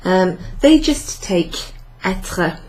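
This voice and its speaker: A woman teaching a recorded French lesson, chatty and relaxed, with frequent ums and light laughs as she writes out examples. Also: on the low side, very slow, rough recording. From Wales.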